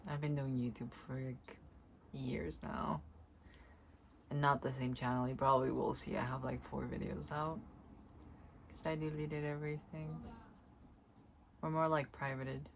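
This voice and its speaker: A woman with a low voice talks very slowly in a soft, searching way, pausing to hunt for the right words. Her solo vlog drifts between reflection and light laughter. A faint room hiss sits under her voice. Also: level tone, vocal fry. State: tearful at times. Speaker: spiritual vlogger. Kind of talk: slow reflective monologue, energy reading.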